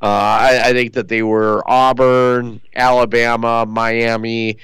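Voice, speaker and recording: A man's voice: medium pitch, little pitch movement, slow, fairly bright tone, clear, resonant tone, dry recording, low-quality recording. A man co-hosting a sports talk radio show, chatting casually and rambling with lots of fillers. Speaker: co-host.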